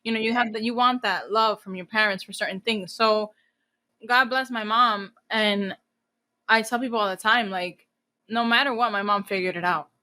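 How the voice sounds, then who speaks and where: A woman in her late thirties speaks with a bright, forceful edge, blunt and unfiltered, swearing freely and dropping in Spanish phrases. She is from New Jersey and is a guest in a casual podcast interview. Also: mid-range voice, moderate pace. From New Jersey, USA. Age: 30s. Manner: blunt, profane and animated. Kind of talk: casual candid interview talk.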